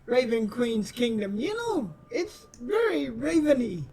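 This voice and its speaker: Casting: man doing a high, bouncy, fretful adventurer, game voice, crowd noise behind. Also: sing-song, a little slow, darkish tone, husky, heavily acted. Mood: cheery. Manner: rambling, emotional, tea-loving banter. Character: fussy caring male adventurer, chatty and excitable.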